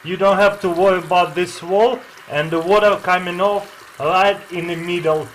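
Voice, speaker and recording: A man's voice: high voice, fairly even intonation, normal speed, fairly bright tone, a little hiss or hum, low-quality recording. A man filming a casual how-to vlog, enthusiastically showing life hacks in loose, non-native English and chatting to his dog. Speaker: vlogger demonstrating life hacks.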